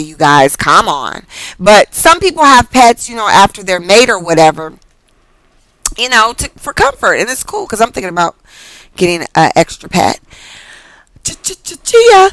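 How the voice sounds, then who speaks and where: A woman's voice: mid-range voice, a bit bright, no room sound, poor audio. Chatty, profane woman tarot reader. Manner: chatty and profane, laughing often and wandering off topic. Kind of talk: casual rambling tarot reading vlog.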